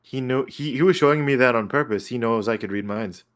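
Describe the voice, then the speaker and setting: A man chatting casually as a player in a tabletop game, excitable and rambling, often correcting himself. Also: mid-range voice, a little fast.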